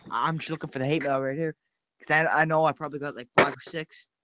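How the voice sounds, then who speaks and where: A man chatting casually as a co-host, speaking quietly away from the microphone. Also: on the high side, fairly even intonation, fast talker, noisy background. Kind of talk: casual chat.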